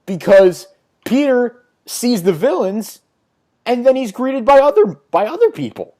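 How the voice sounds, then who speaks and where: A man chiming in on a comic book podcast, his pitch moving in a lively way. He sounds wry and exasperated at the story. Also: unhurried. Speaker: podcast co-host. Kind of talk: casual comic book discussion.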